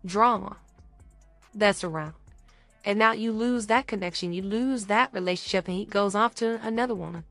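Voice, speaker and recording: A young woman co-hosting a studio podcast, lively and animated as she acts out quick scenes. Her voice sits at a middle pitch, recorded close and dry with faint music underneath. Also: no room sound. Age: young adult. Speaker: podcast co-host. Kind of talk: casual podcast chat.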